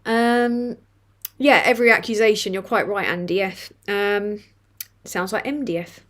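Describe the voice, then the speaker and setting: A woman's voice: medium pitch, normal speed, a bit bright. A woman hosting a casual live stream, reading chat comments aloud with swearing and laughter. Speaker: livestream host reading chat.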